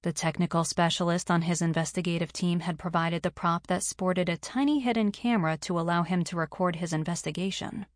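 A woman's voice: lowish voice, steady tone, brisk, hardly any pauses, no room sound, studio quality. Woman narrating a romance audiobook. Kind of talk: scripted narration of a romance novel.

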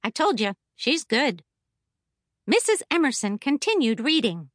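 Bright-voiced woman narrating a children's audiobook. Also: high voice, big pitch swings, unhurried, no echo, studio quality. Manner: cheerful, chatty first-person narration. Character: a stuffed toy telling the story, the teacher's favorite.

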